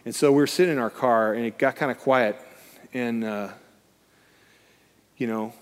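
A man's voice: medium pitch, moderate pace, a little hiss or hum. A middle-aged man, preaching as a guest speaker and acting out the voices in his stories. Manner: animated storytelling, acting out quoted voices. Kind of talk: sermon. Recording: long hall reverb.

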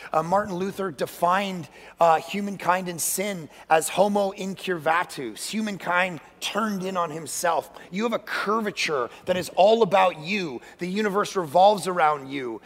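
A man with a high, gravelly voice preaches as a guest speaker, joking and acting out the people in his stories. His words ring out with a long reverb through a large church hall. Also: normal speed. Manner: animated, joking, acts out quoted voices, sudden shouts. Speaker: guest pastor. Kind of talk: energetic comedic sermon. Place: church sanctuary.

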